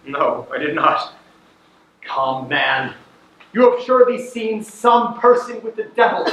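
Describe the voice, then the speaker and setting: A teenage actor on a school stage playing an anguished, proud farmer, impassioned and breaking into shouts. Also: male voice, high-pitched. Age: late teens. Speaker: student actor. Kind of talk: stage acting in a school play. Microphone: distant camera in the audience. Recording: echoey hall from far off.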